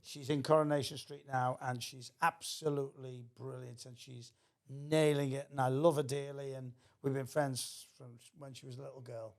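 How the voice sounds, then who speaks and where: A man's voice: medium pitch, flat delivery, moderate pace. An older man, telling a theatrical anecdote as a podcast guest. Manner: theatrical storyteller.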